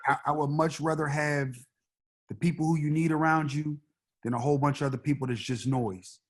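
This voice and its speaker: Host, man, slightly high voice, hyped and encouraging, slangy. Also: steady tone, fairly quick. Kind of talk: casual chat on a video call.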